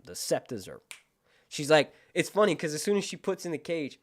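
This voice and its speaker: A man hosting a casual livestream with a lively voice that jumps up and down in pitch. He sits a little high for a man, chatting and swearing freely. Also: normal speed. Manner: animated, profane, chatty. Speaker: YouTube host.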